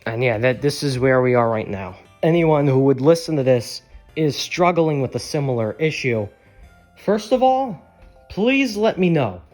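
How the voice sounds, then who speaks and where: A man's voice: medium pitch, lively intonation, moderate pace, a little mellow, soft background music. A young man talking casually and candidly to his viewers, rambling a little and swearing freely. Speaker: YouTuber. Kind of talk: casual chat.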